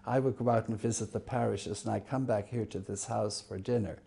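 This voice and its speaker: An older man, a bishop, telling fond stories in an interview with many pauses and fillers. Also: on the low side, steady tone, vocal fry. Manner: warm anecdotal, halting with fillers. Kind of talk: reminiscing interview.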